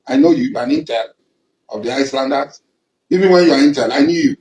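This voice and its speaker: A man's voice: mid-range voice, fast, darkish tone, roomy sound, rough recording. A middle-aged Nigerian man in a confrontational public address, accusing and emphatic, repeating lines for force. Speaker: traditional ruler and political figure.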